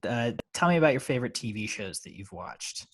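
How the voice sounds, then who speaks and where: Male podcast host, easygoing and casual, laughs often, halting phrasing. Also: mid-range voice, sing-song.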